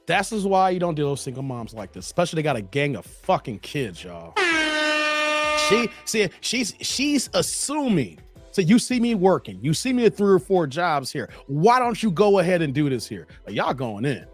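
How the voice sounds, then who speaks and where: A man hosting casual reaction commentary, animated and loose, often breaking into snatches of song. His voice sits high and swings widely in pitch. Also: normal speed, over music. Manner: animated, breaks into singing song hooks and laughs. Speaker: reaction video host.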